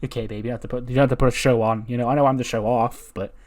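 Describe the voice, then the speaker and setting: A man's voice: medium pitch, fairly even intonation, very fast, darkish tone, lightly acted. A man voicing a cocky, flirtatious male wrestler who talks in a smug, teasing way.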